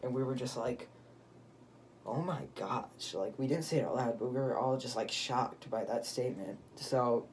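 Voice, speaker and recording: A man's voice: medium pitch, fairly quick, few pauses, a little mellow, recorded from a distance, a little hiss or hum. A teenage boy casually telling a story to camera, rambling, with many fillers and restarts. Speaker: vlogger.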